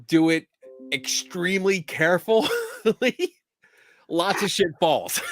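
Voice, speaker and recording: A man with a Philadelphia accent hosting a casual live show, chatty and quick to laugh and swear. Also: fairly high pitch, fairly bright tone, no room sound, studio quality. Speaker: podcast host. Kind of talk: casual livestream chat.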